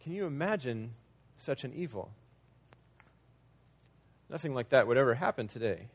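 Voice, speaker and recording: A man's voice: mid-range voice, very animated, normal speed, husky. A man preaching a sermon in a conversational way, sometimes acting out quoted lines with changing emphasis. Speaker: pastor.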